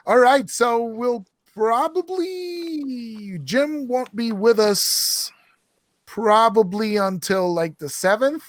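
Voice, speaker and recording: A man's voice: very high-pitched, lively intonation, drawn-out words, dry recording. A man running a tabletop game as game master, talking casually, laughing often and restarting his sentences.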